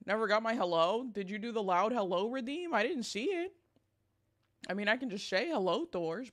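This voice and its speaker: A woman's voice: mid-range voice, a bit bright. A young woman streaming, chatting casually with a sleepy morning voice, laughing often and greeting chat.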